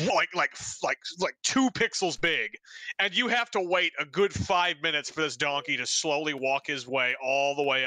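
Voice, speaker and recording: A man's voice: on the high side, bright, forceful tone, dry recording. A man telling rambling joke stories in casual chat while gaming, acting out the quotes. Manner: rambling storyteller, acts out quotes. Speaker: streamer. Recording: noisy game stream audio.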